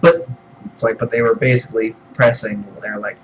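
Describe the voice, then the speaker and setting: A man's voice: on the low side, flat delivery, moderate pace, highs cut off, slight background noise. A man giving a profane, exasperated film review as a ranting reviewer, swearing often and mocking what others say. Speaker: movie reviewer.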